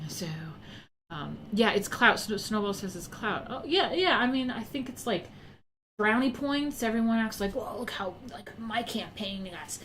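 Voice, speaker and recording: A young woman hosts a casual livestream chat while out of breath from pregnancy, rambling and reading viewer comments aloud. Her voice is a little high with a fairly bright tone, and there's a slight hiss or hum in the audio.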